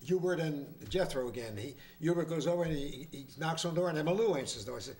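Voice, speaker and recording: A male guest telling jokes in casual talk, with rambling, halting setups. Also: a little high, darkish tone.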